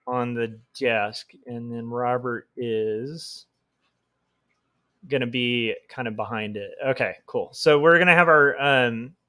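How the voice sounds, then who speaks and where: A man who is a comic artist, chatting casually on a livestream while he draws, thinking out loud with lots of fillers and restarts. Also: medium pitch, slow pace. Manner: thinking aloud, rambling with fillers. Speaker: comic artist streaming his work.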